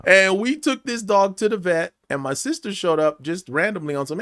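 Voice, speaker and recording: His voice sits high, and he talks briskly with few pauses. This forties-aged actor, a guest in a podcast studio, shares a personal story with animation, giving each person in it their own voice.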